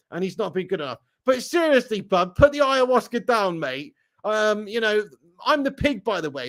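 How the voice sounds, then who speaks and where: A man hosting a live football chat, reading out viewer comments and teasing them with blunt jokes and frequent laughter. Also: high voice. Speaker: fan channel host reading live chat.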